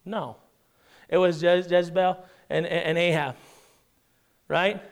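A male pastor with a fairly high voice delivers a sermon in a conversational way. He keeps asking his listeners to agree, then drops his voice to a hush before rising again. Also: fairly even intonation, a little slow. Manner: dramatic swings from loud emphasis to hushed near-whisper; conversational, asks the congregation "right?".

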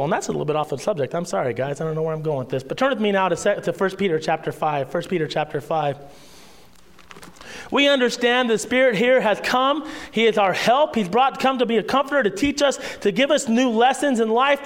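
A man preaching a sermon in a conversational way, asking rhetorical questions and dropping to a hushed voice for emphasis. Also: extremely high pitch. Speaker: pastor.

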